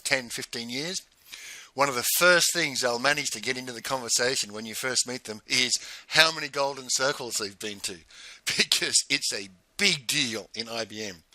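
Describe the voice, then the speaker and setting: A man's voice: medium pitch, pushed and bright, dry recording. A man, telling a personal story in a chatty, digressive way and laughing often. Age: 50s. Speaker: channel host. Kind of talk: casual storytelling monologue.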